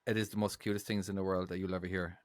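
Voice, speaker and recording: A man's voice: deep voice, level tone, racing, no room sound, studio quality. An Irish man co-hosting a podcast in casual chat, rambling and repeating words as he starts his sentences. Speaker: podcast co-host.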